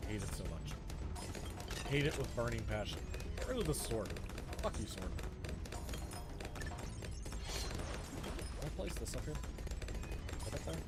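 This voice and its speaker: Joking, lively-voiced male streamer. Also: mid-range voice, a little slow, pauses often, heavy background noise. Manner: joking, sarcastic, talks to chat while playing. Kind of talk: casual gaming stream chat.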